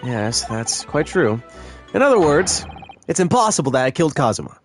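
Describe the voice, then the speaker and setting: A man's voice: fairly high pitch, very animated, normal speed. A man reading game dialogue aloud as an earnest, flustered young male defendant, in a pleading, emphatic manner. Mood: reasoning. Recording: faint music behind.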